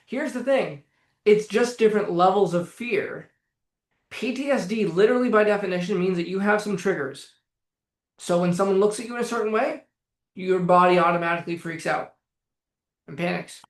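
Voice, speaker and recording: A man's voice: sits high, normal speed. A man coaching on anxiety in a live-streamed talk, blunt, emphatic and full of swearing. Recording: echoey room.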